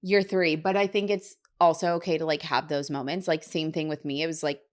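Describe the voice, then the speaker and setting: A woman's voice: low voice, steady tone, brisk. A young woman co-hosting a podcast, talking casually and opening up emotionally about motherhood. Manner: open, emotional storytelling. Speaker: podcast co-host. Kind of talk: casual chat.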